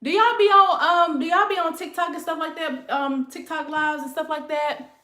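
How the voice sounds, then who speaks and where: A woman's voice: high-pitched, steady tone, moderate pace, bright, forceful tone. A woman, chatting casually and rambling to her livestream viewers, calling them y'all and honey. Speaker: livestream host. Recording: echoey room.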